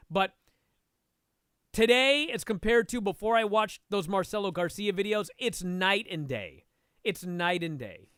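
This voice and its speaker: A man talking as a guest and instructor, telling a story in a casual, animated way and swearing freely. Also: high-pitched, dry recording, clean studio sound. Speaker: podcast guest, martial arts instructor.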